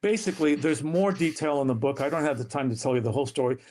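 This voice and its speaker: A man's voice: fast, darkish tone. A man telling his family's story as an interview guest, earnest and dramatic, his voice rising and falling. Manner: earnest, dramatic retelling with shifting pitch.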